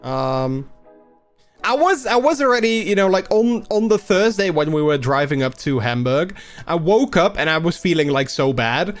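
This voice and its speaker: A young man hosting a casual livestream, rambling and halting with many restarts while a little under the weather. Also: on the high side, big pitch swings, faint music behind. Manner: acts out quoted people in a raised voice. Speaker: livestream host.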